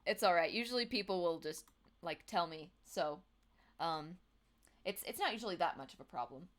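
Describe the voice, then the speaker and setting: A woman's voice: on the low side, animated, normal speed. A woman in her twenties chatting casually on a livestream, giggly, with lots of fillers. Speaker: livestream host. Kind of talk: casual livestream chat with singing.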